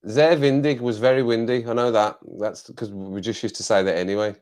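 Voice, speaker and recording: Guy chatting on his livestream, kinda low voice, jokey and giggly. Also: fairly even intonation, brisk, a little mellow. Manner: playful, chuckling, tries out French phrases. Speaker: livestream host. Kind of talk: casual live chat.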